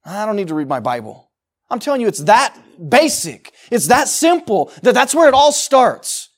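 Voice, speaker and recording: Middle-aged male pastor, high voice, emphatic conversational sermon delivery with repeated phrases. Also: sing-song, normal speed.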